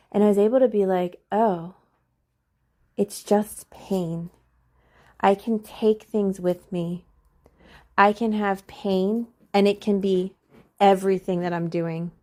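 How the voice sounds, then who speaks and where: A woman's voice: medium pitch, dark tone. A middle-aged woman hosting a podcast, talking earnestly and confidingly about her own life and repeating phrases for emphasis. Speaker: podcast host. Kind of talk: personal reflective monologue.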